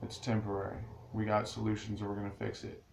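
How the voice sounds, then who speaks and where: Gravelly-voiced man rambling to viewers. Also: on the low side, monotone, quick pace. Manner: rambling, restarts often, talks straight to viewers. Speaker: vlogger. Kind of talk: casual rambling monologue to viewers. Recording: echoey room with faint ambient noise.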